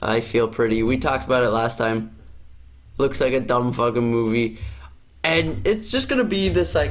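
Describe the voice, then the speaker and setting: A man's voice: medium pitch, expressive, moderate pace. Profane man telling a story. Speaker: podcast host. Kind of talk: casual chat.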